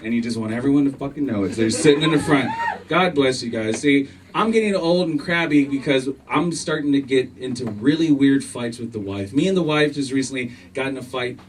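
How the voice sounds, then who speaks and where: Profane stand-up comic in a noisy club. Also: male voice, medium pitch, fairly quick. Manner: profane, self-mocking, acts out both sides of arguments. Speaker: stand-up comedian. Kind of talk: stand-up comedy set. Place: comedy club stage. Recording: distant club recording with room noise. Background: audience laughter.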